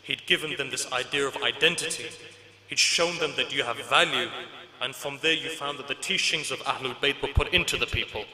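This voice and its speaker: Bright-voiced man lecturing in a hall. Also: medium pitch. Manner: conversational storytelling with humor. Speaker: Islamic lecturer. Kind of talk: religious lecture. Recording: echoey hall reverb.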